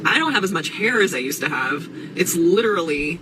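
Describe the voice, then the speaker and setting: A man's voice: sits high, sing-song, a little fast, heavy background noise. Casual man joking about himself, distant mic, audible ambience.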